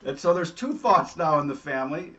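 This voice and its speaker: A man hosting a show, telling stories in a casual, animated way and often adding "all right?". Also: on the high side, fairly quick, muffled recording. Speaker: host. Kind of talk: casual storytelling.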